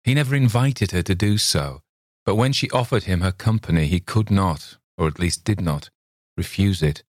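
Man, audiobook narrator, very low voice, measured, dry close recording. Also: no echo. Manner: measured, steady storytelling. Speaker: reader.

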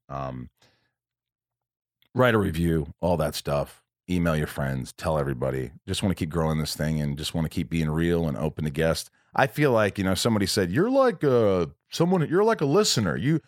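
Deep-voiced American man rambling. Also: no room sound, studio quality. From United States. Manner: rambling, with many fillers and restarts. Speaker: podcast host. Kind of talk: casual podcast chat. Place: room at his home.

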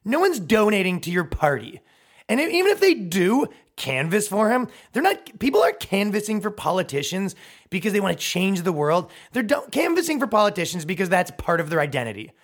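Male comedy podcast host, mocking and profane, slightly high voice. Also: sing-song, brisk. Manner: mocking, sarcastic, swears freely. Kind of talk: sarcastic comedic rant.

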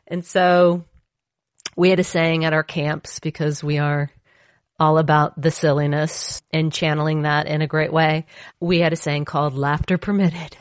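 A woman's voice: deep voice, moderate pace, no room sound, clean studio sound. A woman co-hosting a podcast, chatting in a bubbly, jokey way and telling stories with lots of energy. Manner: bubbly, jokey, animated storyteller. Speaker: podcast co-host. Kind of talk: casual chat.

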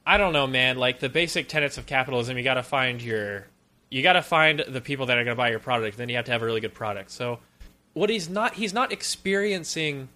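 A man co-hosting a podcast, giving a casual, sarcastic and animated review of a film. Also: mid-range voice. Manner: animated, sarcastic, quick with jokes.

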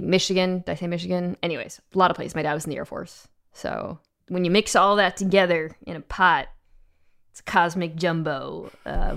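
A woman guest in casual podcast chat, talking in a flat, dry way. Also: fairly low pitch, vocal fry, clean tone. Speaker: football analyst guest.

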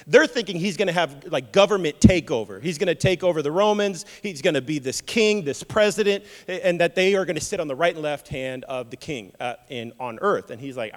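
A man's voice: high-pitched, expressive, fairly quick, long reverb tail. A man preaching a sermon in a casual, playful way, acting out the voices of Bible figures. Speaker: pastor.

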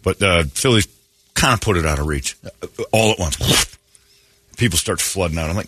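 A deep-voiced man hosts a morning radio show at a brisk clip, pausing often, with a noisy crowd behind him. It's casual radio chat: he tells animated stories, acts out both sides of conversations, gives blunt opinions, and swears now and then.

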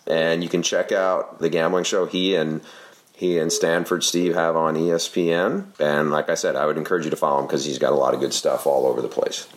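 Low-voiced man hosting, rambling casually. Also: flat delivery, fairly quick, a little hiss or hum. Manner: rambling, self-correcting. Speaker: podcast co-host. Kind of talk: casual podcast chat.

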